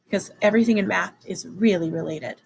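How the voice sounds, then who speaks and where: A woman teaching a children's math lesson, excited and encouraging as she counts along with her class. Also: on the low side, quick pace, creaky, a little hiss or hum, poor audio.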